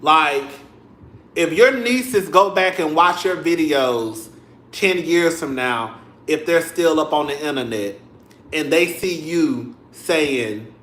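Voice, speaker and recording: Sassy young guy ranting to the camera, high lively voice, echoey room. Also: slow. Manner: sassy, animated, cussing, talks to viewers as "girl". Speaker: vlogger. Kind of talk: casual commentary vlog. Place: home room.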